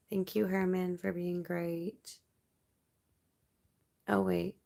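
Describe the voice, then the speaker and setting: A woman's voice: on the low side, level tone, drawn-out words, gravelly, long pauses, darkish tone. A woman from Canada hosting a late-night livestream, chatting casually and reading viewer comments aloud in a rambling way. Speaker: livestream host.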